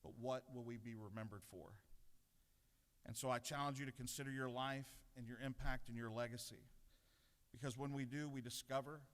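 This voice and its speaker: A middle-aged man gives an earnest devotional sermon at a podium, mixing self-deprecating stories with a spiritual challenge. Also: medium pitch. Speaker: pastor giving a devotional. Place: large legislative chamber. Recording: long reverb in a large chamber.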